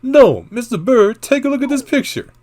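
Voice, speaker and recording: A man voicing an excitable young male defense lawyer who declaims dramatically. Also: mid-range voice, slow pace. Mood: dramatic. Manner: dramatic, shouting objections.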